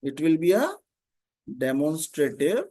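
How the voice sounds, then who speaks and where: A man teaching an online grammar class, explaining slowly, repeating terms and often checking "Okay?". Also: sits high.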